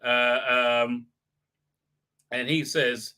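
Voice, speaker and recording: Bright-voiced man rambling mockingly. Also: medium pitch, little pitch movement, very slow, clear, resonant tone. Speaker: show host. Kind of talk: live stream commentary.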